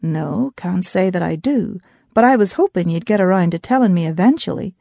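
A woman voicing a wary young man who answers in a low, dry, laconic way. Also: animated, normal speed, gravelly, mellow, dry recording. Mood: wry.

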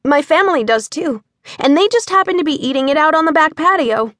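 A woman's voice: high voice, lively intonation, fairly quick, a bit bright, no echo, clean studio sound, voice pushed up. A woman voicing a cocky, teasing boy of about nine in an audiobook. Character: smirking Amish boy, about nine, know-it-all.

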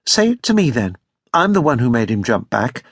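A man voicing a sharp, jealous young woman with a quick, accusing tongue in an audiobook. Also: mid-range voice, very animated, slightly rough, no room sound. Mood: indignant. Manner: tart and accusing.

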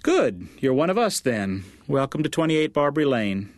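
A man's voice: mid-range voice, big pitch swings, moderate pace, dry recording, voice pushed up. A serene, welcoming landlady in her fifties from an audiobook, voiced by a man. She talks cheerfully and unhurriedly on a dry, close recording. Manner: cheerful and easygoing. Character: gracious, serene fifty-ish landlady. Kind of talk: audiobook character voice.

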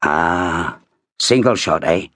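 A gruff veteran army sergeant growls his words out bluntly and coarsely, as a man voices him in an audiobook. The voice sits low and a little husky, recorded dry and close. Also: animated, slow pace, fairly bright tone, no room sound, full character voice.

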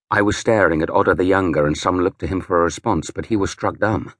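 A man's voice: low-pitched, fast talker, few pauses, a bit bright, no room sound, studio quality. A man narrating a historical novel in the first person with grave, dramatic delivery. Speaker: audiobook narrator.

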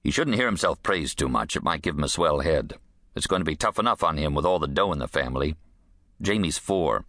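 A male audiobook narrator playing a gruff war veteran on parole, who talks in a curt, defensive, evasive way. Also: extremely low pitch, animated, fairly quick, a bit bright, no room sound, clean studio sound.

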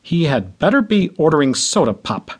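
A man voicing a stern, gruff middle-aged father who is a starship captain. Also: on the high side, very animated, moderate pace.

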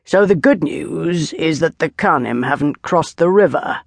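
A gruff veteran centurion, blunt and wary, with clipped, grim speech, as a woman reading an audiobook puts him on. The voice sits dry and close. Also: deep voice, animated, a little slow, no echo, full character voice.

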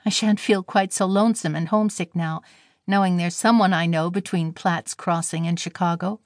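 A woman's voice: lowish voice, steady tone, moderate pace, no echo, studio quality, lightly acted. A woman reading the part of a shy, timid young girl who speaks earnestly and anxiously.

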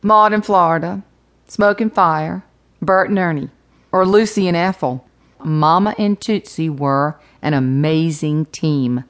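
Woman reading her humorous memoir. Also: lowish voice. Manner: humorous, warm storytelling with playful emphasis. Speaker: author narrating her memoir. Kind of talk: audiobook narration.

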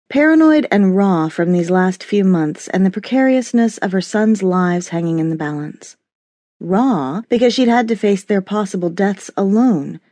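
A woman narrating a romance audiobook in an expressive storytelling manner, close to a studio mic. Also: medium pitch, no room sound. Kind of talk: scripted narration.

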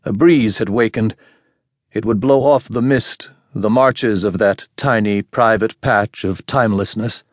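Male audiobook narrator, low, measured voice, dry close studio sound. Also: no room sound. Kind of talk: scripted narration.

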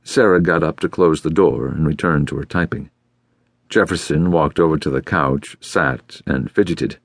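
A man narrating an audiobook in a steady, even way, recorded close in a studio. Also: a bass voice, normal speed, gravelly, dry recording. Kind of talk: scripted narration.

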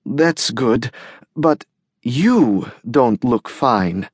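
Anxious expectant mother, hesitant and soft, played by a male narrator, dry close sound. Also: medium pitch, animated, slightly rough, dry recording, full character voice. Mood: worried. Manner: uncertain, soft and slow. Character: worried pregnant woman in early labor. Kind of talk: audiobook character voice.

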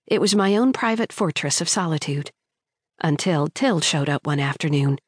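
A woman with a low voice reads a first-person audiobook in a measured, storytelling manner. The recording is dry and close, with no room sound around her. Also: animated, breathy edge, no echo. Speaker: audiobook narrator. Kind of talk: scripted first-person narration.

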